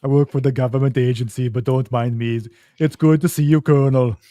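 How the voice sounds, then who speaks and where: A burly, smooth-talking secret agent with a thick Austrian accent, as a man puts him on. The lines come out loud and swaggering, in a dry, close room. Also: medium pitch, fairly even intonation, fairly quick, no echo, natural voice. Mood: mock-suave. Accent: Austrian (put on).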